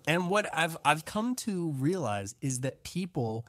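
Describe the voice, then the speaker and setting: A man's voice: a little high, very animated, measured pace, a bit bright, no room sound, studio quality. A man co-hosting a casual podcast from his own room, venting animatedly and acting out other people's remarks. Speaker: podcast co-host. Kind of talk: casual chat. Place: own room, recording remotely. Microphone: remote recording app.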